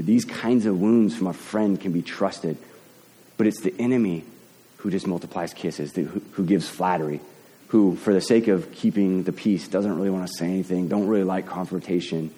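A man preaching a sermon as pastor, talking in a halting way and often repeating words as he builds a point. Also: deep voice, dark tone, big-room sound.

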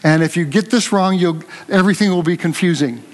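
An older man preaching a conversational sermon, telling a lively story and joking with his congregation. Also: high voice, fairly quick, big-room sound. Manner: animated storytelling, jokes with the congregation.

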